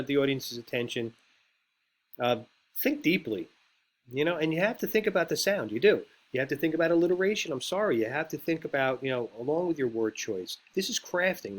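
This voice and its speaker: Rambling, conversational male teacher. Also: mid-range voice. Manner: rambling and conversational, with filler words and quick impressions. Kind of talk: casual lecture on speechwriting.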